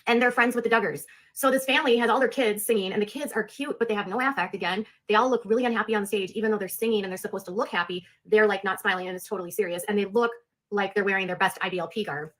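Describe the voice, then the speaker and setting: A woman's voice: mid-range voice, racing, fairly bright tone. Chatty sarcastic woman streamer. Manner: chatty, filler-heavy, sarcastic. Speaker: live streamer. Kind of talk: casual chat.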